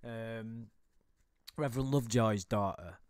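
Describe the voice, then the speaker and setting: A man's voice: fairly low pitch, a little slow, clean tone, dry recording, clean studio sound. A man giving casual, rambling commentary while reading out a chat log, full of swearing, restarts and laughter.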